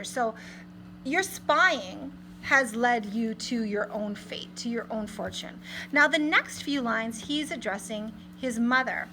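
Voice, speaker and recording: A woman teaches a literature class, quoting lines from a play and explaining them in everyday words. Her voice is high and bright. A faint hum sits behind her. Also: expressive, measured pace, low-quality recording. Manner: explains lines in plain modern paraphrase, reads quotes aloud. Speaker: English teacher.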